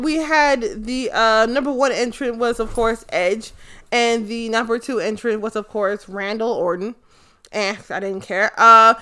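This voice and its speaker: A woman giving a casual, excited and profane recap of a wrestling event, rambling with lots of fillers. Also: on the high side, clean tone. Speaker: fan commentator.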